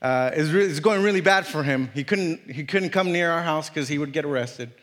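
Man, 30s, guest preacher, earnest, halting restarts, slightly high voice, church hall reverb. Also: fairly bright tone. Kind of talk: sermon.

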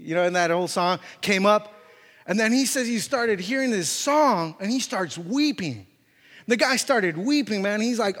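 A man preaching a sermon and telling a story, animated and full of fillers and restarts. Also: high voice, normal speed, big-room sound. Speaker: pastor.

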